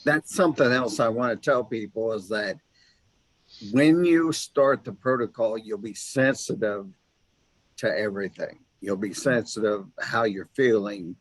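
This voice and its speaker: A man with a lowish voice hosts a casual interview, telling stories in an animated, chatty way and often restarting his sentences. The sound is dry and close, with no room echo. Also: unhurried. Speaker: host.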